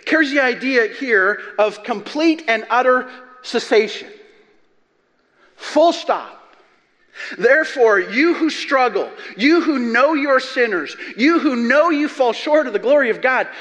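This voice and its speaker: A man's voice: very high voice, fairly bright tone. A man preaching a sermon as pastor, emphatic and building to passionate peaks. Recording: long reverb of a large hall.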